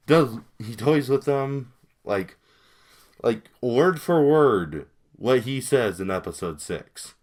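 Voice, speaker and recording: Slow, lively low-voiced man rambling. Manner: rambling, addresses viewers directly. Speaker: video creator. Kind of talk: casual commentary on a cartoon.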